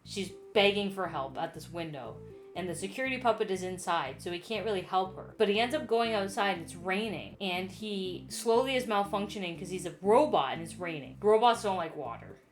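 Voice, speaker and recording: A woman's voice: medium pitch, lively intonation, fairly quick, soft background music. Tipsy woman ranting in exasperation. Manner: exasperated, rambling, swearing, frequent laughter and stammered restarts. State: drunk. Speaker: YouTube host explaining game lore. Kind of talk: casual rambling chat.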